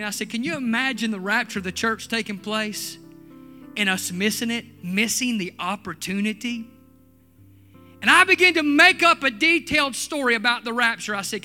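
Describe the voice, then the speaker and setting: A man preaching a sermon testimony, swinging from hushed storytelling to fervent shouting. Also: high voice. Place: church.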